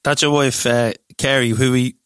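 A man's voice: mid-range voice, steady tone, normal speed, a bit bright, clean tone, dry recording, clean studio sound. A man hosting an interview, casually asking questions and steering the story. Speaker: interviewer host.

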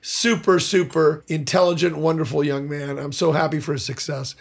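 A man's voice: a little high, normal speed, vocal fry, breathy edge. An older man, a voice actor guest, chatting animatedly in an interview and acting out the people in his stories. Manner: animated storyteller, acts out quotes, opinionated. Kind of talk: casual interview chat.

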